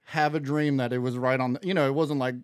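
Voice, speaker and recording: This podcast guest talks fast in a mid-range voice, spinning an animated story in casual conversation and voicing each character's lines himself. There's no echo, just clean studio audio.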